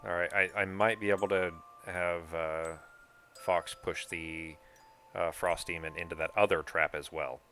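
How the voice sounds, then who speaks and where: A man's voice: low voice, steady tone, a little slow, sharp tone, faint music behind. A man acting as game master for a tabletop board game, thinking aloud, counting moves and swearing casually.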